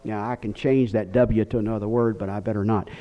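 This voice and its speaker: A man's voice: on the low side, fairly even intonation, brisk. A man teaching a Bible lesson in sermon style, emphatic and full of rhetorical questions. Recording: dull lo-fi recording.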